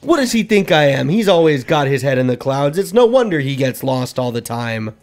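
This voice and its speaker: A man's voice: medium pitch, big pitch swings, darkish tone. Laughing, joking let's play co-host man. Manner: joking, quick banter, laughs often.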